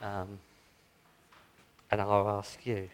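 A man's voice: fairly low pitch, completely flat delivery, very slow, smooth. Earnest male preacher. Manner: earnest, conversational, breaks into mocking asides. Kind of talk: sermon closing in prayer.

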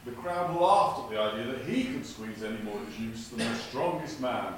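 A man preaching a sermon with jokes, delivered in a lively, dramatic way in a church. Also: moderate pace. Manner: lively, dramatic delivery with big pitch swings. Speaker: guest preacher. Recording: echoey church from far off with noise.

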